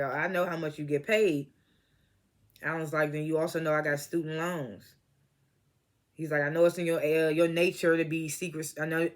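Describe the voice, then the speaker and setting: A man casually recapping a TV episode, laughing often and acting out the characters' lines, and he says he is stoned. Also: a little high. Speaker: TV episode reviewer.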